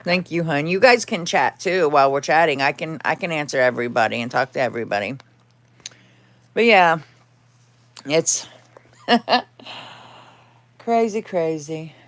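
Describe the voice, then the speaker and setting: In a casual livestream from home, a woman with a low, fairly bright voice and lively intonation speaks at a moderate pace, pausing often. She rambles candidly, talking to her cats and to the chat while a cat meows now and then.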